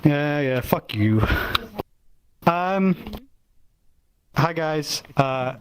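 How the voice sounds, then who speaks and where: A man with a slightly high, expressive voice speaks extremely slowly while casually showing off an avatar he created. He stammers, restarts his sentences, and swears offhandedly as he presents his work.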